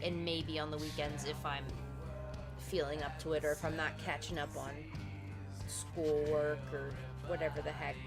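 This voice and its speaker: A young woman streamer chatting casually with her viewers, rambling and reacting to their messages. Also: low-pitched. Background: music playing in the background.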